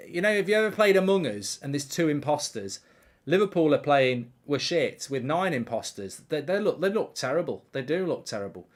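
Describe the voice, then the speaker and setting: A man hosting a live football watchalong, chatting casually and reading out viewer comments. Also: fairly high pitch. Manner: animated, reading viewer comments, frequent fillers. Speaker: host.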